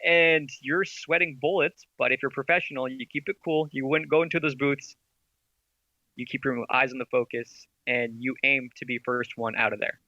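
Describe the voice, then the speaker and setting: Bright, eager man explaining at length. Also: mid-range voice, steady tone, normal speed, no echo, muffled recording. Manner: enthusiastic, rambling, builds arguments with rhetorical questions. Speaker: podcast guest, esports team founder. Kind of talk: casual interview chat.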